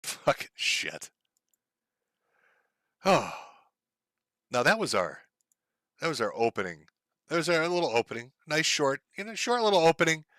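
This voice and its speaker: A fairly high-pitched man with a sharp, forceful edge to his voice, ranting through a commentary monologue. He talks bluntly and swears freely, and his rant keeps tipping into sarcasm. The sound is dry and close. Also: big pitch swings, fairly quick, no room sound. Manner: profane and blunt, heats up into sarcastic rants. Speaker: political commentary host.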